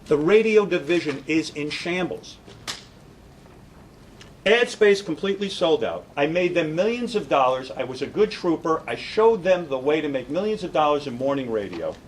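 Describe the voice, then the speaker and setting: A man's voice: fairly high pitch, lively intonation, normal speed, slight background noise, low-quality recording. A middle-aged man, a radio broadcaster, giving an indignant, sarcastic statement and taking questions at a press conference.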